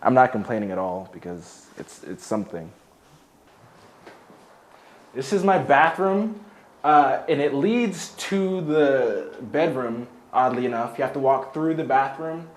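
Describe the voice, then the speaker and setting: His voice is mid-range and expressive, a little slow, as this young man, once homeless, walks through his apartment indoors. The home tour is casual and chatty, full of jokes and the word "like."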